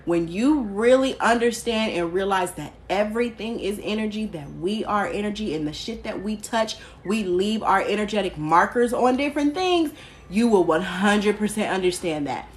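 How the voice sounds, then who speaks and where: A woman's voice: mid-range voice, expressive, a little slow. A woman hosting a casual live stream from her phone, chatting candidly, answering viewer comments and swearing now and then.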